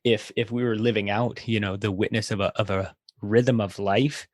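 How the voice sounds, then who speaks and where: A man's voice: on the low side, steady tone, normal speed, no room sound, studio quality. A man in his thirties, a father and podcast guest, telling family stories in a thoughtful way with frequent fillers. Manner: storytelling, thoughtful with frequent fillers and light laughs. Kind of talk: casual podcast conversation.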